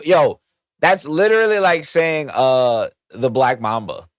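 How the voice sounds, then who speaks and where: A man's voice: medium pitch, big pitch swings, slow pace, no room sound, studio quality. A man co-hosting a podcast, chiming in with blunt, profane jokes in casual chat. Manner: blunt, profane, riffing interjections. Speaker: podcast co-host.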